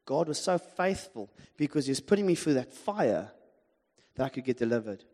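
A man's voice: medium pitch, very animated, moderate pace, mellow. A man with a South African accent preaching a sermon, telling a story with animation and humor and putting questions to the congregation. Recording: long hall reverb.

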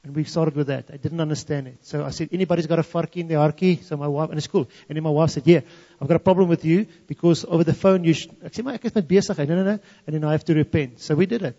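A man's voice: fairly high pitch, racing, few pauses, warm tone. A man from South Africa's Free State with an Afrikaans South African accent, a native Afrikaans speaker, telling a story as a testimony and switching between English and Afrikaans. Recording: dull lo-fi sound in a reverberant hall.

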